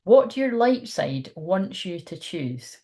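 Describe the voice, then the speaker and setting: A woman's voice: fairly low pitch, sing-song, slow, dark tone, a little hiss or hum. A woman doing a live card reading for her viewers. She rambles and thinks aloud in a chatty, informal way. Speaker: tarot card reader.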